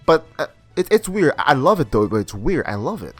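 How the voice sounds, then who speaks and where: A man's voice: fairly high pitch, very animated, fairly quick, no echo, soft background music. A young man recapping and reviewing an anime episode in a casual, rambling way, full of slang and restarts.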